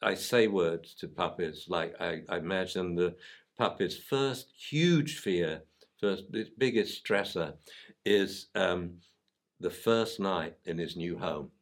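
A man hosting a casual podcast about dogs, an animated storyteller who acts out voices. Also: low voice, slow pace. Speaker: dog trainer and podcast host.

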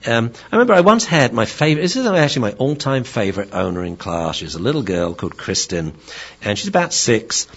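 Husky, animated dog trainer. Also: male voice, medium pitch, fairly quick. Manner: animated storytelling, acting out the people and pets in his stories. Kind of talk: lecture-style talk. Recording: slightly dull lo-fi recording.

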